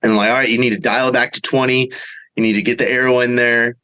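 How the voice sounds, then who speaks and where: A middle-aged man, a bowhunter guest, telling a story in a casual way and acting out the quotes with big jumps in pitch. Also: level tone, fast, bright, forceful tone, smooth, rough recording.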